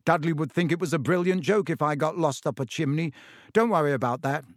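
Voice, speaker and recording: A shy young wizard boy speaks hesitantly in a fairly high, plain voice, as a male reader gives him. It sounds close and dry. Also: fairly quick, no echo, close to an everyday voice. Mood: unsure.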